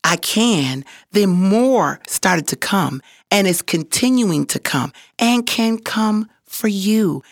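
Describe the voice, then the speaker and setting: A woman hosting a motivational podcast, upbeat and encouraging, with a voiceover artist's clear delivery. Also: medium pitch, lively intonation, takes it slowly, few pauses, no room sound, studio quality. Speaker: podcast host.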